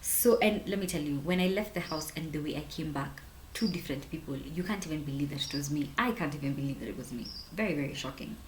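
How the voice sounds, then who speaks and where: A young woman in her twenties with a Kenyan accent, telling a personal story to camera in a chatty, animated way. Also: low-pitched, quick pace, a little hiss or hum. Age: 20s. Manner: chatty, animated, full of "like" and "honestly". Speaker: vlogger. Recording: roomy echo.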